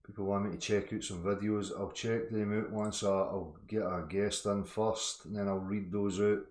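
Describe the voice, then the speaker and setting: A Scottish man hosting a livestream, chatting casually and ranting loudly with constant swearing. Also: fairly low pitch, little pitch movement, normal speed, echoey room. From Scotland. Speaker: livestream host.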